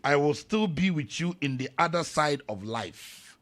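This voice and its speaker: A man with a Ghanaian accent hosting a morning radio show, chatting casually and reading listener messages and news in an animated way. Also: a little high, a little slow. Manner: animated, switching between Twi and English, reads messages aloud. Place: radio studio.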